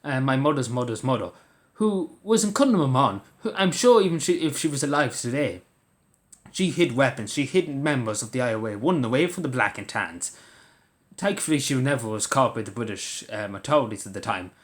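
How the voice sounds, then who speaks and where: A man's voice: medium pitch, animated, fairly quick. A man, ranting angrily in a monologue, swearing often and stumbling over restarts. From Ireland. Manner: angry, swearing, stammering restarts. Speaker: commentator.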